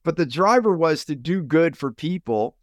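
Animated middle-aged man telling his story. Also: moderate pace, dry recording, studio quality. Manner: animated storyteller, rises sharply in pitch when acting out quoted people. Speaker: podcast guest, business coach. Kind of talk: personal storytelling in an interview.

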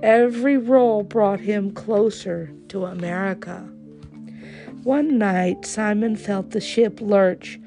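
A woman reading a children's storybook aloud in a slow, expressive way. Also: mid-range voice, faint music behind.

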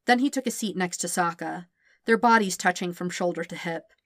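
A woman narrates a story aloud, reading fan fiction in an even, gentle way. Her voice sits on the low side and the recording is dry and close. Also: fairly quick, no echo. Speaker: podfic reader.

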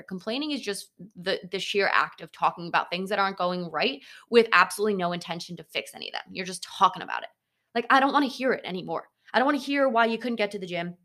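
A young woman hosting a motivational podcast, talking bluntly and swearing freely, with animated asides. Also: medium pitch. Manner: animated, slips into mocking voices of others. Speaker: podcast host.

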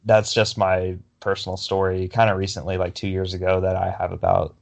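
A man's voice: low-pitched, completely flat delivery, fairly quick, gravelly. A young man co-hosting a sports podcast, telling a story in a rambling way with lots of fillers and restarts. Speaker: podcast co-host. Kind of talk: casual sports chat.

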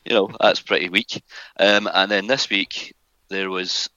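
Deep-voiced ranting man. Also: steady tone, measured pace, pushed and bright, no echo. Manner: ranting, sweary, sarcastic. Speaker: podcast guest. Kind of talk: casual chat. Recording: muffled dry recording.

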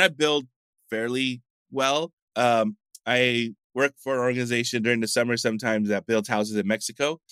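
A man's voice: medium pitch, fairly bright tone, smooth, no echo. A middle-aged man from the United States, a coffee shop founder telling rambling stories in a casual interview. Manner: chatty, rambling anecdotes with frequent fillers.

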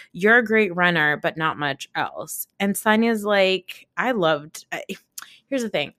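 Woman podcast host, lowish voice, dry close mic, chatty reality-TV recap with fillers. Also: fairly bright tone, no room sound. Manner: chatty, lots of fillers, quick asides.

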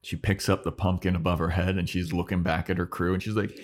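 A young man co-hosting a podcast, casually recapping a TV episode with animated retellings and frequent laughter. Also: deep voice, normal speed. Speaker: podcast co-host.

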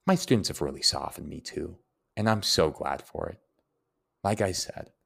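Answering listeners' personal questions with heartfelt sincerity, a young host reflects and digs into where words come from. He speaks at a moderate pace in a low, expressive, husky voice that is fairly bright, with vocal fry.

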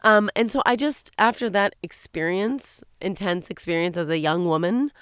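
A woman's voice: mid-range voice, moderate pace, few pauses, a bit bright, smooth, no echo, studio quality. A woman in her forties co-hosting a podcast, chatting in a rambling way that often breaks off mid-thought, recorded alone in a small closet at home. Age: 40s. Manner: rambling, chatty, self-interrupting. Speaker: podcast co-host. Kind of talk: casual solo chat.

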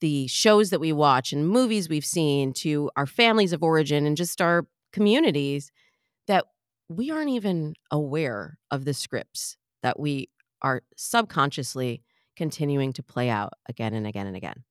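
Brief: woman podcast host, bubbly and expressive, low-ish voice with lots of swing, dry recording. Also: moderate pace, no echo. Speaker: podcast host and dating coach. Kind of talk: podcast monologue.

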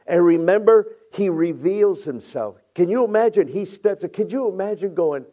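A middle-aged man preaching a sermon who tells stories, acts out voices, repeats himself and builds to shouting. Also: high-pitched, lively intonation, normal speed, lo-fi sound. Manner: many restarts and repeated phrases. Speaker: pastor.

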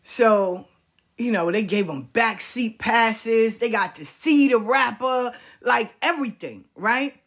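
A woman telling a story in a casual, animated way, full of slang and emphasis. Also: a little high, slow.

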